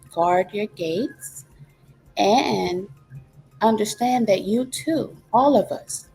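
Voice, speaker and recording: Woman, host, reflective wellness talk, very slow, calm teaching, rhetorical questions. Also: medium pitch, vocal fry.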